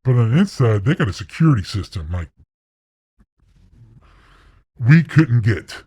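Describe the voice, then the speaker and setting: A man casually telling a first-person story, animated and profane, acting out sounds. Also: mid-range voice, a little slow, breathy edge, no room sound.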